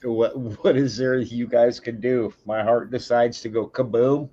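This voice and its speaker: A man's voice: mid-range voice, steady tone, unhurried, dark tone, dull audio. A man calling in to a stream over a video call, talking matter-of-factly and swearing casually. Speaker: call-in guest. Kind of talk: casual chat.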